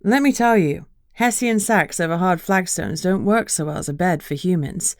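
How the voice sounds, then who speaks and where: A woman narrating a first-person fantasy audiobook in an even, measured storytelling manner. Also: lowish voice, dry recording, clean studio sound.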